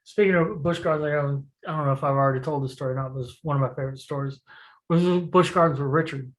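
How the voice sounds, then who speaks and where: Animated, profane podcast storyteller. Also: mid-range voice, fast, poor audio. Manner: animated storyteller, profane, laughs while telling. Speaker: podcast co-host. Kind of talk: casual chat.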